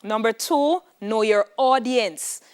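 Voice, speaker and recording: A woman teaches an exam-prep class on television. Her voice sits a little high. She speaks clearly and lays stress on each tip. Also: slow. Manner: clear, emphatic teacher giving tips.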